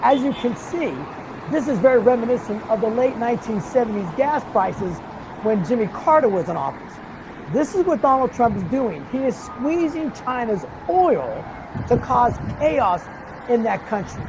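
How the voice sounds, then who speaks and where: A woman's voice: a little high, animated, moderate pace, noisy background. Emphatic woman commentator outdoors. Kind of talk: commentary over clips.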